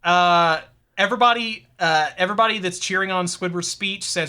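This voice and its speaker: A man co-hosting a satirical comedy podcast, deadpan and rambling, often restarting his sentences. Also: high voice, moderate pace, clean tone. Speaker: podcast co-host.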